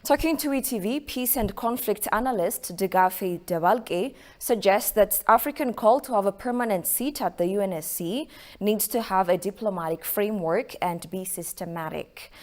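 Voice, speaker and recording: A woman anchors the evening news in a mid-pitched voice. She reads formally and at a measured pace. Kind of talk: news reading.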